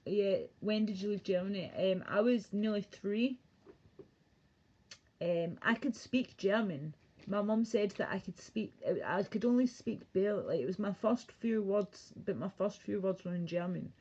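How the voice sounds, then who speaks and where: On a livestream, a woman from Britain wanders between thoughts in a casual, profane rant. She speaks at a moderate pace in a mid-range, darkish voice, over muffled lo-fi sound.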